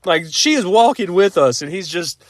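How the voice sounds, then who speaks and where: A man's voice: high-pitched, sing-song, moderate pace, dry recording, clean studio sound. A man in his thirties casually telling a rambling personal story, full of fillers and frequent laughs.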